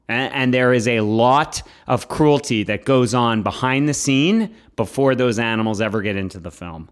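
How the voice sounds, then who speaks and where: A man's voice: mid-range voice, moderate pace, few pauses, clean tone. A man co-hosting a podcast in casual chat, playful and teasing, often laughing. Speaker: podcast co-host.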